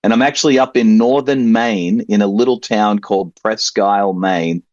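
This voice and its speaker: A low-voiced Australian man on a video call, his accent worn toward American by years abroad. He tells his story in an easy, relaxed way and laughs lightly as he talks. The sound is dry and a little muffled, as video-call audio often is. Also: normal speed, no echo. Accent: Australian, softened toward American. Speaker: interview guest. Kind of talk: casual interview over a video call.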